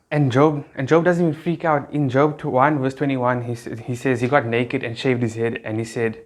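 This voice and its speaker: A young South African youth group speaker talks directly to the camera, relaxed and chatty, as though walking friends through the story. His pitch is ordinary and mid-range, his speed normal, and his loose delivery is full of slang and casual fillers.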